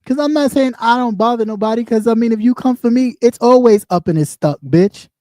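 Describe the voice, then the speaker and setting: A man's voice: very high-pitched, brisk, a little mellow, no room sound, studio quality. A man ranting on a livestream, mocking and heated, swearing constantly. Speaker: livestream host. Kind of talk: profane livestream rant.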